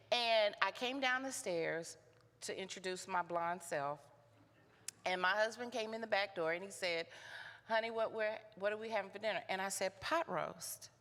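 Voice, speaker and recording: A woman with a Texan accent giving a keynote talk, telling her story in an animated way and acting out the dialogue. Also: medium pitch. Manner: animated, acts out quoted dialogue. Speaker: keynote speaker. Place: conference hall. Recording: reverberant hall.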